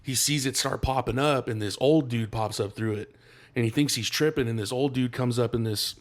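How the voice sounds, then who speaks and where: A man of middle pitch rambles through a movie plot for his co-hosts. He talks in slang and swears freely. He stumbles and restarts as he goes. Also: fairly quick. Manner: loose, profane storytelling with slang and restarts. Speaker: podcast co-host. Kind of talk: casual chat, retelling a movie plot.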